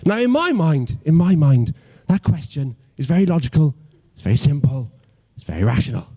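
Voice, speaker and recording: Young Welsh man on stand-up, mellow voice sitting a bit high, self-mocking, trips over his words. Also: very animated, normal speed, slightly rough. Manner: self-deprecating, stammering restarts, mock-logical. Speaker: stand-up comedian. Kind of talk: stand-up comedy routine.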